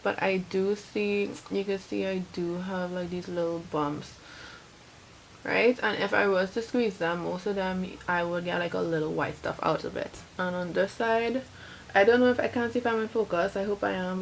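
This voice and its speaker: A woman's voice: mid-range voice, moderate pace, gravelly, a little hiss or hum, low-quality recording. A young Trinidadian woman vlogging casually to camera, rambling with lots of filler words. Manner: chatty, rambling, many "like" fillers. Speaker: beauty vlogger.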